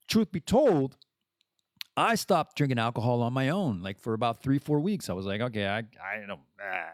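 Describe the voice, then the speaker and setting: A man talking candidly on his podcast, with a lively voice that rises and falls a lot. He rambles from point to point, and the sound is close and dry, with no room echo. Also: mid-range voice. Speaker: podcast host. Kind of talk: casual monologue.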